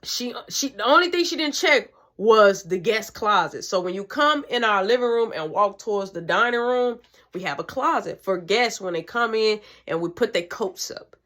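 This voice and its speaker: Animated young woman telling a story. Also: medium pitch, moderate pace. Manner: animated, slangy, profane, acts out voices. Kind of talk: casual storytime vlog.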